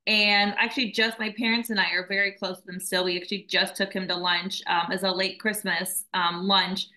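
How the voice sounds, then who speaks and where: A woman's voice: medium pitch, flat delivery, a little fast, poor audio. A woman founder of a nonprofit, talking earnestly and emotionally in a casual interview. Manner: earnest, emotional, warm storytelling.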